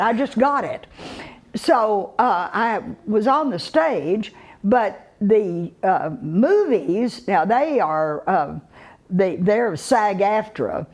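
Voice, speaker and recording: An older woman with a Texan drawl speaks slowly and in an unhurried way. She tells her stories in a folksy manner, chuckling and pausing on fillers as she goes. Her voice sits at a middle pitch. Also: a little mellow. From Texas. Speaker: actress telling her career story. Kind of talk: unhurried storytelling to a live audience.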